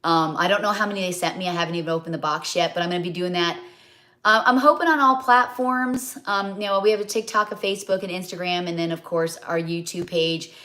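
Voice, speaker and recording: A woman's voice: lowish voice, fast, bright, forceful tone. A middle-aged woman rambling in a chatty way as she hosts a live cooking stream. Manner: chatty and rambling, many fillers and asides. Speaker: cookbook author hosting a live cooking stream. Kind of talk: casual live cooking chat.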